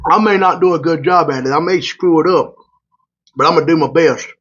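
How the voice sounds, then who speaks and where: A trucker talks loose and colloquial as he eats and rambles into a story, his voice sitting a bit high for a man. The audio is slightly muffled and lo-fi. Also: brisk, fairly bright tone, breathy edge. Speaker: truck driver and vlogger. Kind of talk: casual storytelling while eating. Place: hotel room.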